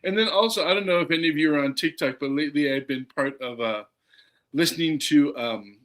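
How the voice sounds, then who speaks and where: Rambling man with a fairly high voice. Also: brisk, a bit bright. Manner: rambling, lots of fillers. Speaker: co-host. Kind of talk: casual chat.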